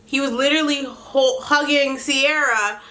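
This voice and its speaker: A young adult woman hosting a casual comedic recap, sassy and animated, laughing often between lines. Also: high voice. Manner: laughs often, sassy and animated, does quick mock voices. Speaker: podcast host recapping a reality show.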